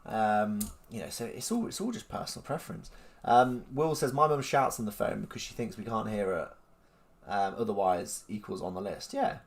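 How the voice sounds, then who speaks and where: The speaker is a man running a livestream, casually going through viewer comments with lots of ums and mock-incredulous side comments. His voice is mid-range and gravelly.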